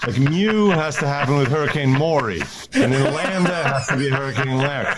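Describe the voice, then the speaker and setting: A man doing comic banter from an outdoor porch, ranting in an animated, exasperated way. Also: mid-range voice, brisk, hardly any pauses, over a noisy crowd. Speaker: comedian guest playing the son. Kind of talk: comedic banter. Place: outdoor porch in heavy rain. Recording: loud rain noise outdoors. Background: rain.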